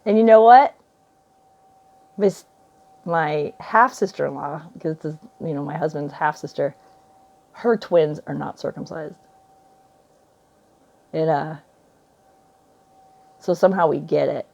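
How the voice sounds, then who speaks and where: A woman's voice: low voice, measured pace, gravelly, long pauses, a little mellow, highs cut off. A woman in her forties vlogging at home, rambling through spiritual musings, often laughing and trailing off mid-thought. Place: indoors at home by a window.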